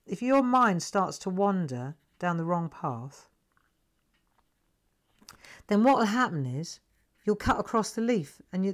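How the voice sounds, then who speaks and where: A middle-aged woman hosting a live craft lesson, chatting gently and coaxing viewers to relax as she demonstrates. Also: medium pitch.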